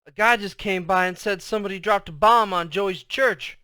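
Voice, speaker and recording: A man voicing an alarmed teenage older brother in a storybook reading, speaking in a raised, hurried way. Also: sits high, sharp tone, clear, resonant tone, no room sound, pitched above the performer's own voice. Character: teenage boy, older brother, urgent and rushed.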